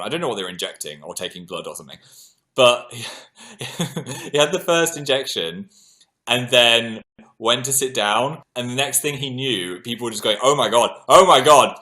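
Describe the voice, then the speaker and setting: A man's voice: mid-range voice, a little fast. A man in his thirties chatting casually on a livestream, telling stories animatedly, laughing often and poking fun at himself. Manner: animated storytelling, self-deprecating, laughs often. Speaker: livestream host.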